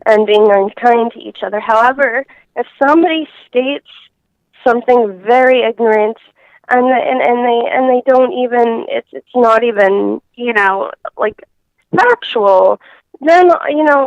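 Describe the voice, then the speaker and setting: A woman guest talks slowly in a casual interview, stopping and restarting often. Her voice sits a little high and comes through a dull, dry phone line. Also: no room sound. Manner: halting, many fillers and restarts.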